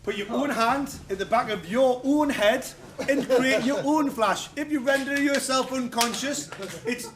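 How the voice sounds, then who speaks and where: A man with a very high voice teaches martial arts, talking a little slowly and with few pauses. His humorous instruction includes joking, swearing, and acting out quotes, recorded in an echoey, noisy training hall.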